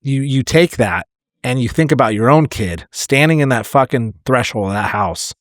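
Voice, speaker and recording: A man's voice: mid-range voice, animated, normal speed, no echo. Podcast co-host, man, firefighter, blunt and emotional storyteller, dry close mic. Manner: candid, swears freely, emotional storytelling. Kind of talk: casual podcast chat.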